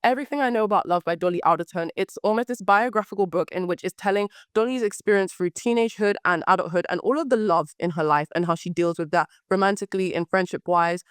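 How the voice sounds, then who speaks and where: A young woman hosts a casual book podcast, her voice slightly hoarse yet smooth and resonant. She talks animatedly and repeats words for emphasis. The sound is dry and close, with no room echo. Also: mid-range voice. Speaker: podcast host.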